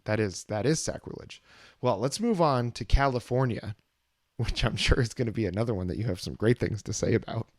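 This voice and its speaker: A man's voice: mid-range voice, fairly quick, dry recording, clean studio sound. A man co-hosting a casual music podcast, talking in a laid-back, rambling way. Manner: laid-back, rambling, many fillers and restarts. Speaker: podcast co-host. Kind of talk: casual album review chat.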